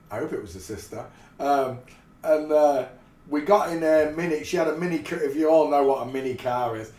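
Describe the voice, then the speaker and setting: A man from England, telling rambling anecdotes in a casual way and often breaking into laughter. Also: fairly high pitch. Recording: roomy echo.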